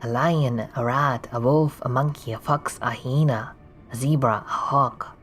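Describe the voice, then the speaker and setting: A streamer casually narrating a text adventure game, reading the descriptions aloud with quick offhand asides. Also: mid-range voice, fairly even intonation, a bit bright, soft background music.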